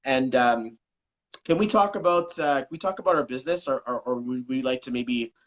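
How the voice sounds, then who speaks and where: A man speaking as a numerology coach in a casual live-stream interview, talking in an animated way, cursing and acting out what people said. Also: mid-range voice, brisk, rough recording. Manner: animated, swears, acts out quotes. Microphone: video call.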